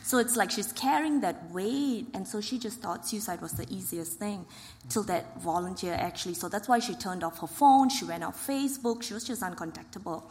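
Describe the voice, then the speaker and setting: A woman's voice: mid-range voice, normal speed, a little mellow. Woman telling a church testimony, hall echo. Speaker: ministry worker. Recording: reverberant hall.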